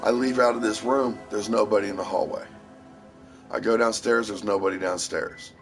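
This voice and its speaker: A man's voice: fairly low pitch, steady tone, moderate pace, over music. A man casually telling a long story, rambling and swearing freely with a tough edge. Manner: profane, rambling, tough-talking. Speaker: streamer.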